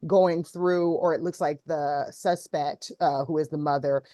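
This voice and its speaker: A woman's voice: low voice, fairly even intonation, unhurried, warm tone, dry recording, studio quality. A woman hosting a casual talk show, retelling a viral video with many ums. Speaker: host. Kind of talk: casual chat.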